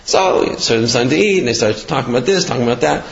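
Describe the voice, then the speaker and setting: A man giving a Torah talk, halting and restarting as he explains and tells a parable. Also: medium pitch, animated, creaky. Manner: halting, with many fillers and restarts. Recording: echoey room, dull lo-fi.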